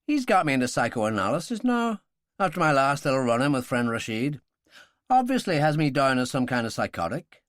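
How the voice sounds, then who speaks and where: A man's voice: medium pitch, big pitch swings, fairly quick, no room sound, clean studio sound, natural voice. A man voicing a hard-edged male operative who talks in a sardonic, blunt way.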